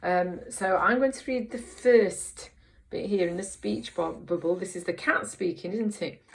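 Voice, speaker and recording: A woman's voice: medium pitch, a little slow, vocal fry. Encouraging woman teaching reading. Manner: encouraging, asks many tag questions. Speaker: primary school teacher. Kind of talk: reading lesson for young children.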